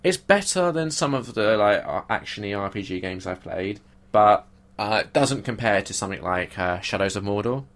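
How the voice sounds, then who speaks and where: A young man chats as a podcast co-host, blunt and animated and swearing freely. His voice sits slightly low. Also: moderate pace, few pauses. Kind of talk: casual chat.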